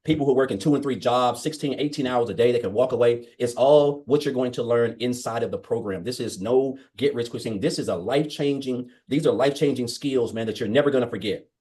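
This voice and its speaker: A man's voice: mid-range voice, brisk, hardly any pauses, dark tone. A man giving a fervent, grateful testimonial on a webinar video call, often addressing listeners as guys. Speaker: webinar guest. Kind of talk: casual testimonial.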